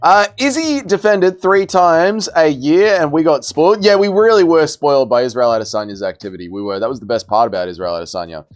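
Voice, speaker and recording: A man's voice: fairly high pitch, expressive, a little fast, hardly any pauses. A young man hosting a casual livestream, bantering as he reads and answers viewers' chat messages. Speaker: livestream host.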